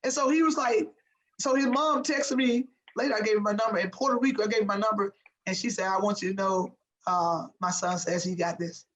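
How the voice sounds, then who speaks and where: A woman's voice: mid-range voice, brisk, low-quality recording. Emphatic former athlete, a woman. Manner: emphatic and animated, repeats "I said" and "I'm telling you". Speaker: former pro basketball player, guest. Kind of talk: motivational storytelling in an interview.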